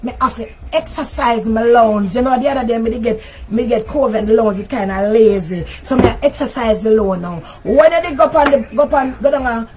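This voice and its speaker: An older woman with a Jamaican accent, hosting a livestream rant in which she scolds and insults someone over and over, sometimes shouting. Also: fairly high pitch, slight background noise. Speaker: talk show host.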